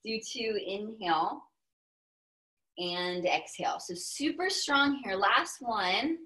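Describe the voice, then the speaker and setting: A young woman with a Texan accent, a yoga instructor giving calm step-by-step cues with playful asides. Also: mid-range voice, slow pace, low-quality recording. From Texas, US. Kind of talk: guided yoga class cues.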